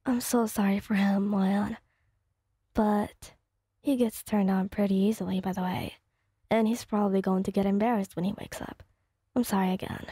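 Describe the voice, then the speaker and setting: Whispered role-play, a woman playing a protective young woman, quick low whisper, breathy, dry. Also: fairly even intonation, dark tone, no room sound, natural voice. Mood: apologetic.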